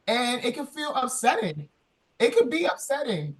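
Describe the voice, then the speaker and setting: A woman's voice: fairly high pitch, sing-song, normal speed. Tearful earnest woman speaking on a panel. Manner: emotional, tearful, earnest and affirming. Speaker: conference panelist. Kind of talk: heartfelt panel discussion.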